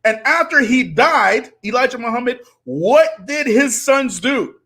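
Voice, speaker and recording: A man's voice: very high-pitched, expressive, a little slow, pushed and bright. A man, hosting a live stream and preaching to his audience with rhetorical challenges. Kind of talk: impassioned live-stream commentary.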